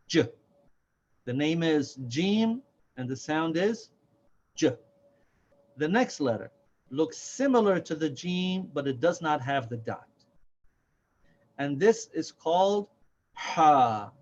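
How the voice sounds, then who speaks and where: A man teaching a slow, careful alphabet lesson, patiently repeating each letter's name and sound. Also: on the high side. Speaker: Quran reading teacher. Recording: dull, lo-fi sound.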